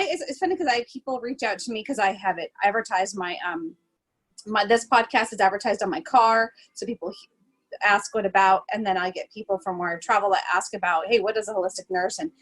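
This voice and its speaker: A woman with a mid-range voice, recorded roughly, hosts a podcast and works as a holistic travel nurse. She tells stories in a casual, chatty way. She's animated, laughs a lot, and uses plenty of fillers.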